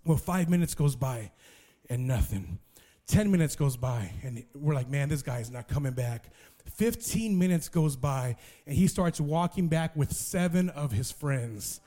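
High-voiced animated young preacher. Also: male voice, a little slow. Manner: animated, acts out dialogue, playful asides to audience. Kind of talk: sermon storytelling.

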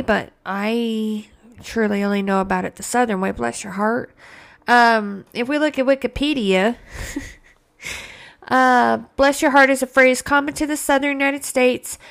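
A woman's voice: fairly high pitch, gravelly. A woman hosting a casual solo podcast, profane and sarcastic, drawing out mocking quotes. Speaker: podcast host.

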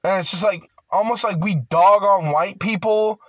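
A young man in a casual ranting monologue, rambling with constant filler words and swearing, growing loud and heated at times. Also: high voice, normal speed, dry recording. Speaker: vlogger.

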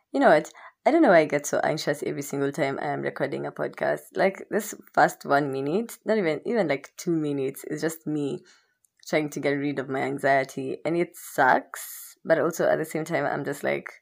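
Low, gravelly young woman. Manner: candid, rambling, swears freely. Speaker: podcast host. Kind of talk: casual solo podcast chat.

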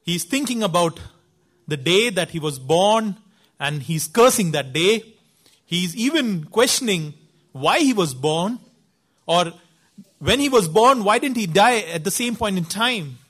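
A man's voice: sits high, lively intonation, unhurried, fairly bright tone, slightly rough. A man preacher giving a sermon, telling a story in an earnest, emphatic way.

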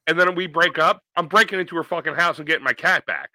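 Blunt young man, bright dry voice. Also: fairly high pitch, quick pace, no echo. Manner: blunt, deadpan comebacks. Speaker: podcast co-host. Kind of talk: casual chat.

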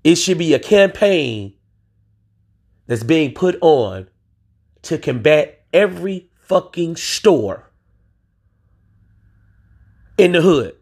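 A man's voice: fairly high pitch, big pitch swings, takes it slowly, pauses often, a little mellow, husky. A man from the United States ranting on his own podcast, emphatic and profane, using street slang and talking straight to his listeners. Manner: emphatic and profane, swears freely. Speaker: podcast host. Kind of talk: solo podcast rant.

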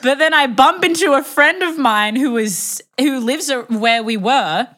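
A young woman telling a dating story in casual chat, animated and self-mocking, acting out the quotes. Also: sits high, a little slow.

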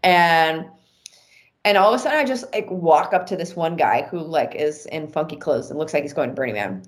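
A woman shares a personal story in a relaxed podcast conversation, speaking animatedly with lots of "like" fillers. Her voice sits low and she talks briskly.

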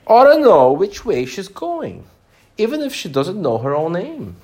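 A man voicing a fussy, pompous gentleman dressed in white paper, drawing his words out. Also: high voice, wildly swooping pitch, a little slow, pitched above the performer's own voice, exaggerated voice.

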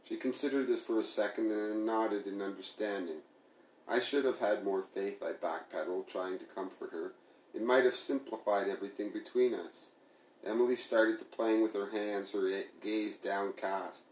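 Male audiobook narrator, measured; low-pitched, roomy echo. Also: darkish tone. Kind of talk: first-person novel reading.

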